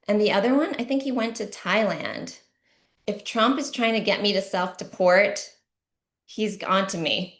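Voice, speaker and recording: A middle-aged woman performing a stand-up comedy set, with deadpan punchlines and sudden shouty bursts. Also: medium pitch. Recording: roomy echo.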